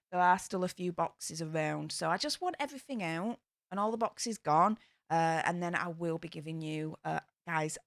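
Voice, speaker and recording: A woman's voice: lowish voice, gravelly, no room sound. A woman hosting a casual livestream from her home studio, chatty and upbeat, with plenty of fillers. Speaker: livestream host. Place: home studio room in a new house.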